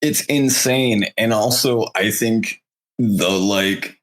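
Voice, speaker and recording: Slow-talking young man, rambling chat. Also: fairly low pitch. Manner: rambling, filler-heavy storytelling. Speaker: podcast co-host. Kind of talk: casual chat.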